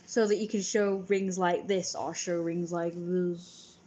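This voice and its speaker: A woman on a casual livestream, her voice sitting a bit low. She jokes her way through a playful royal persona, rambles and swears freely as she answers chat out loud. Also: steady tone, unhurried, muffled recording, a little hiss or hum.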